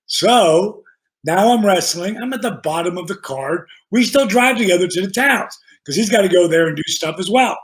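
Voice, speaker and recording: High-voiced man telling animated stories. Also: normal speed. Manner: animated, profane, acts out dialogue. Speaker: podcast guest. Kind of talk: casual storytelling.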